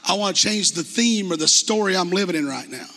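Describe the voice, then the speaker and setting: A man preaching in a church, his voice pitched high and sharp with a husky edge. He talks to the congregation in a conversational but impassioned way, full of rhetorical questions. The sound carries a long reverb from the church hall. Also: expressive, brisk. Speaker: pastor. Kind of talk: sermon. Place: church sanctuary.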